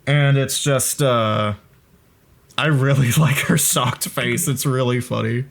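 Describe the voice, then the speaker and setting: A man's voice: medium pitch, takes it slowly, gravelly. Young guy hyped up talking over his own vid, rambly, swears a lot, mid voice. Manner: excitable, rambling, swears freely, laughs a lot. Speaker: video creator giving commentary. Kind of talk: casual commentary over his own video.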